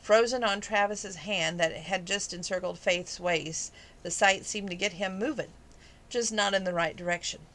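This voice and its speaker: A woman's voice: medium pitch, moderate pace, a bit bright. A woman reading a romance novel aloud as a hobby, with casual asides and laughs between passages. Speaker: amateur audiobook reader.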